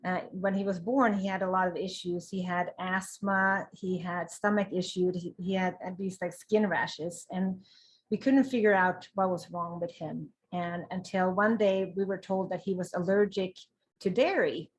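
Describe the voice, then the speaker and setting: A woman's voice: lowish voice, fairly even intonation, normal speed. A woman from Sweden with a Swedish accent, speaking candidly as an interview guest, open and with self-deprecating humor. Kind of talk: personal story in casual interview.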